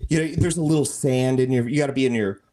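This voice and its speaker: A man's voice: mid-range voice, fast, mellow. A man chatting as a podcast guest, self-deprecating and rambling, breaking into laughter. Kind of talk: casual chat.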